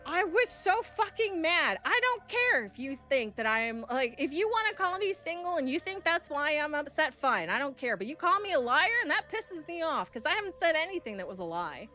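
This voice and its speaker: A woman's voice: high voice, very animated, moderate pace, few pauses, sharp tone, soft background music. A woman streamer telling a story to her chat in a blunt, profane, heated way.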